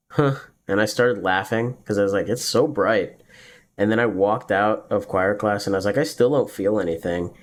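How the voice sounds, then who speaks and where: A young man telling a personal story in a casual, rambling way, full of fillers, now and then laughing at his own tale. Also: on the low side. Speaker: podcast host.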